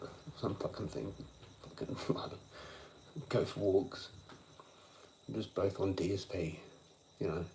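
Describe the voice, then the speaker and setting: A low-voiced young man rambles through a profane, frustrated rant on a livestream. His voice is gravelly, and he wanders from thought to thought. Faint crickets and insects chirp in the background. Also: darkish tone, a little hiss or hum, low-quality recording. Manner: swearing, frustrated, philosophical ranting.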